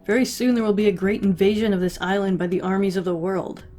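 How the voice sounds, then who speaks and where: A woman's voice: medium pitch, steady tone, fast, dark tone, soft background music, close to an everyday voice. A woman voicing an earnest young boy cadet who speaks solemnly.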